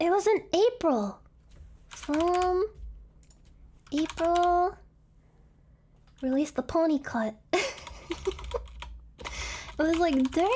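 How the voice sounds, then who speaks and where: Woman streamer, squeaky-high voice, unhurried, giggly and rambling, hiccuping. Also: animated, a little mellow, slight background noise. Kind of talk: casual live stream chat.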